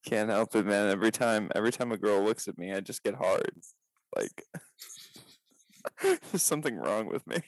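A man's voice: lowish voice, big pitch swings, moderate pace, long pauses, dry recording. Teasing young man, dry close sound. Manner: laughing, teasing, crude. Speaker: podcast co-host. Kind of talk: casual podcast banter.

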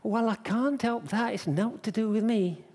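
A man voicing a sullen boy playing an innkeeper in a nativity, giving flat, curt refusals. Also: mid-range voice, unhurried. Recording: long church reverb.

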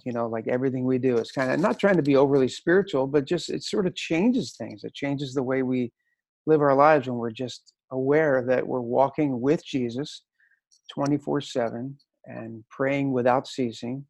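A man's voice: medium pitch, moderate pace, gravelly, a little mellow, no room sound. A man talking as a podcast guest, reflective and hedging his words as he explains. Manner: thoughtful, hedging with "if you will". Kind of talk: reflective interview talk.

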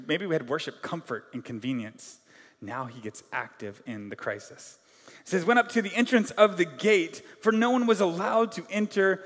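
A man preaching with a high, bright voice, talking loosely and conversationally, with many fillers. His energy swings between loud bursts and quiet asides. The sound rings with the long reverb of a large hall. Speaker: pastor. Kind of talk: sermon.

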